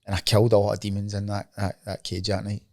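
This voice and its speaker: A Scottish man in his late thirties rattles along at a rapid clip. His talk is casual and peppered with swearing and "you know what I mean". The sound is close and dry, with no room in it. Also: lowish voice, completely flat delivery, no echo. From Scotland. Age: 30s. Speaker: MMA fighter guest. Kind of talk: casual podcast chat.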